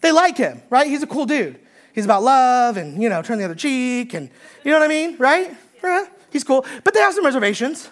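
Emphatic high-voiced woman preaching. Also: very animated, brisk. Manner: emphatic preaching, repeating key phrases, rising when quoting. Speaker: pastor. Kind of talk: sermon.

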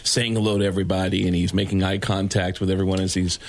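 A man's voice: quick pace, a little hiss or hum. A man, a guest comedian, telling a backstage story on a radio show and acting out the characters' lines. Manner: lively, acts out characters' lines with big pitch jumps.

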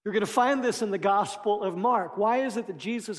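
A man preaching a sermon as lead pastor, animated, with playful voiced asides. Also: high-pitched, fairly quick, hardly any pauses, in a large hall.

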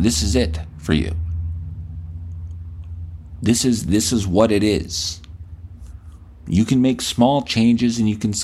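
Guy hosting a podcast, kinda low husky voice, cussing n scolding nonstop. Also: darkish tone. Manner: blunt, scolding, heavy swearing. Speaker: podcast host. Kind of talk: profane motivational rant.

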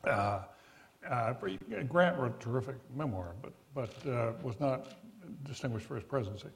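An older man moderating a forum interview, speaking in a measured way with many pauses. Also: medium pitch, animated, vocal fry. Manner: measured, with frequent uh fillers and restarts.

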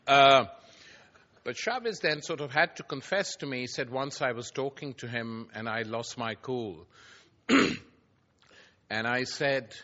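A man's voice: mid-range voice, slow, creaky, long pauses, pushed and bright, muffled recording. A man giving a public lecture before an audience, telling anecdotes with wry, dry irony.

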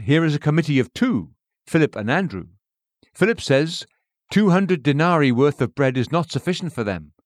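A man's voice: medium pitch, no echo, studio quality. Earnest man reading an old sermon. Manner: measured, earnest, rhetorical questions. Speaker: preacher. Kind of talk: read-aloud sermon.

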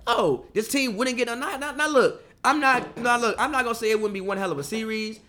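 A man's voice: very high voice, fast talker, sharp tone, slight background noise. A man co-hosting a casual sports podcast, arguing in a playful way. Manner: playful, laughing, argumentative. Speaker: podcast co-host.

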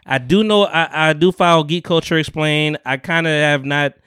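A man hosts a podcast in relaxed, profane casual chat, laughing as he tells his stories. His voice is smooth and clear. It is recorded close and dry. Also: a little high, moderate pace, no room sound. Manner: loose, profane, laughing storyteller. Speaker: podcast host.

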